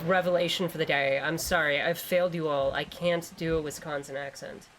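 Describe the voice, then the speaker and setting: A woman's voice: low voice, fairly even intonation, brisk, fairly bright tone, slight background noise. A woman streamer giving casual gameplay commentary, rambling, joking and swearing freely. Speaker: gaming streamer.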